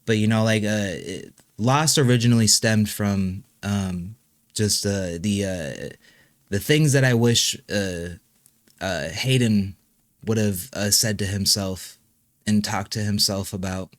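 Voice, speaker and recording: A young man, a musician and host, talking through a personal interview in a halting way, with many fillers and restarts. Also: lowish voice, no echo, studio quality.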